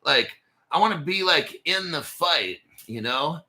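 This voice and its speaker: A man's voice: a little high, expressive, measured pace, bright, forceful tone. A man in his forties hosting a crypto channel, telling a long rambling story in a casual way, with a lot of swearing and laughter. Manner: profane, rambling, laughs between phrases.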